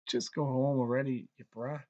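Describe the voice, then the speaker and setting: An actor playing a surly young man who hunts heroes, gruff and scornful, given to cursing. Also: mid-range voice, flat delivery, moderate pace, a little mellow, muffled recording, lightly acted. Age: young adult.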